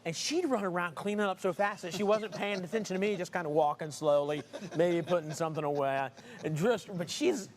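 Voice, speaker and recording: A man's voice: sits high, a little fast. A middle-aged man co-hosting a live stream, telling jokey stories with frequent laughs. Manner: jokey storyteller, laughs often. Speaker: co-host of live stream show. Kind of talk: casual banter on a live stream. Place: showroom with staff working nearby.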